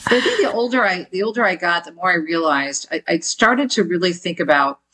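A woman's voice: on the low side, expressive, a little fast, sharp tone. A woman author being interviewed on a talk show, speaking earnestly and telling stories. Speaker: guest author.

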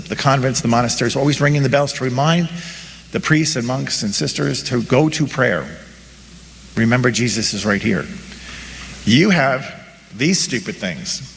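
A man's voice: medium pitch, fairly bright tone. A male Catholic priest talks his congregation through a story in an easy, conversational sermon, playing out little dialogues as he goes. His voice carries a long reverb from a large hall, with a faint hum of noise underneath. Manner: storytelling, acts out imagined dialogues.

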